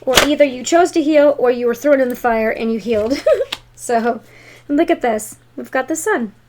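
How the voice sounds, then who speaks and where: A woman's voice: high voice, moderate pace, darkish tone, slight background noise. A woman giving a tarot reading to viewers in an emphatic, encouraging way. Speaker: tarot reader.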